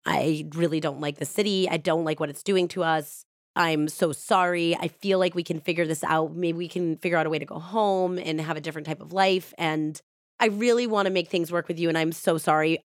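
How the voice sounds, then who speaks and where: A young husband who has just turned violent now pleads his case, apologetic and anxious, voiced by a woman retelling the story. The voice is low and quiet, close to the mic in a dry space. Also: fairly even intonation, fairly quick, no echo, close to an everyday voice. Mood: pleading. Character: abusive young husband, angry then pleading.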